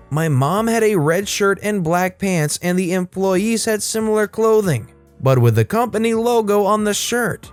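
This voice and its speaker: A man hosting a storytime channel, reading online stories aloud with lively, animated delivery. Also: sits high, normal speed, hardly any pauses, faint music behind.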